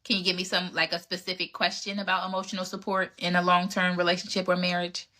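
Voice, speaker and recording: A woman in her thirties talking through relationship advice in a casual, candid way. Her voice is bright and forceful, pitched a little low for a woman, and she is emphatic as she acts out old conversations with men she dated. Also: completely flat delivery, quick pace. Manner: candid and emphatic, acts out exchanges with past dates. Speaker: podcast host answering relationship questions.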